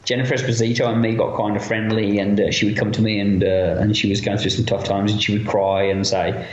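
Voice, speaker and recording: A man being interviewed as a guest, telling lively anecdotes with lots of fillers and quoted voices. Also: fairly low pitch, fast, roomy sound, highs cut off. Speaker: interview guest, effects makeup artist. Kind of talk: casual storytelling interview.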